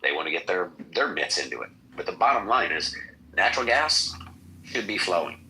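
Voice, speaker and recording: Man, political talk host, very low pitch, bright crisp tone, blunt questioning. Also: big pitch swings, normal speed, poor audio. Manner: blunt, fires off rhetorical questions. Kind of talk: political talk show chat.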